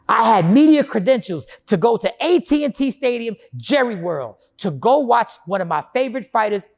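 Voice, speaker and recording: A man telling a personal story in a monologue, acting out his past self and his inner voices. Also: high voice. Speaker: storyteller recounting his own experience.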